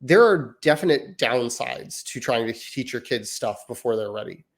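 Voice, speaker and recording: A man's voice: medium pitch, animated, moderate pace. Rambling, thoughtful man co-hosting a podcast. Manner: thoughtful, hedging, speaks in long winding sentences. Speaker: podcast co-host. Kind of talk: casual parenting chat.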